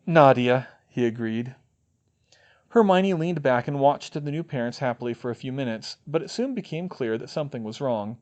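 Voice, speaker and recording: A man reading fan fiction aloud as an audiobook narrator, expressive in delivery. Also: mid-range voice, a little fast, few pauses, highs cut off. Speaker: audiobook reader.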